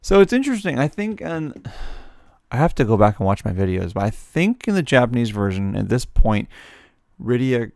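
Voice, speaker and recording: A man's voice: medium pitch, sing-song, moderate pace, creaky, darkish tone, no echo, clean studio sound. A man streaming a game, casually commenting and reading its dialogue aloud with playful voices and frequent laughs. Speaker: let's play streamer. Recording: faint game music behind.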